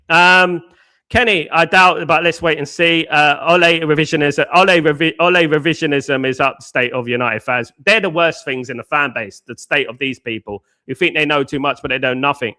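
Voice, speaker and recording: A man's voice: fairly high pitch, pushed and bright. A man hosting a live fan show, answering chat in casual slangy banter and firing off combative rhetorical questions. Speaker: host.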